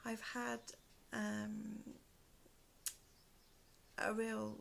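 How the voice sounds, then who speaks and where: Gravelly British woman, hoarse and slow, soft near-whispered home podcast chat; faint room noise. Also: mid-range voice, completely flat delivery. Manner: soft-spoken, often trailing into a whisper. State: in pain, hoarse from asthma. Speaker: podcast host. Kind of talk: casual chat to camera. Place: one room at home, indoors.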